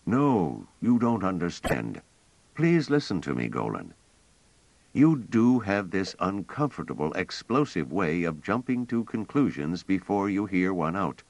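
A man voicing a fussy, gentle elderly male scholar who rambles and talks hesitantly. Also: low voice, very animated, measured pace, vocal fry, no room sound, highs cut off, pitched above the performer's own voice, full character voice. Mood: earnest. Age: older. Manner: hesitant, wordy, polite.

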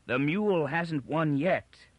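Frail obsessive old scholar, peevish and insistent, higher voice, read by a man, dry. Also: lively intonation, slow, no room sound, highs cut off. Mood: agitated. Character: aging, frail, obsessive male psychologist.

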